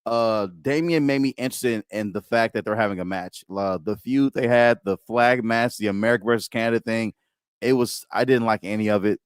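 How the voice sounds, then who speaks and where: A man co-hosting a casual wrestling chat stream, joking and animated, often stammering as he restarts his sentences. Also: lowish voice, brisk, clean tone, no room sound. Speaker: podcast co-host.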